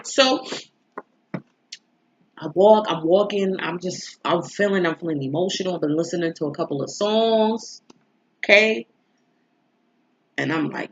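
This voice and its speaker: A woman's voice: fairly low pitch, a little slow, pauses often. Candid, emotional woman tarot reader. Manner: emotional, candid, swears freely. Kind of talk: casual storytelling to viewers. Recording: slightly dull lo-fi recording.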